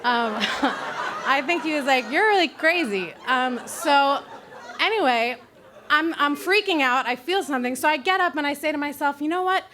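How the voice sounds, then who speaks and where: A woman with a high voice tells a true story live on stage, cursing freely and poking fun at herself. She is from Brooklyn and keeps the tale animated and candid. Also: normal speed, slight background noise. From Brooklyn, New York. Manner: profane, self-mocking, animated.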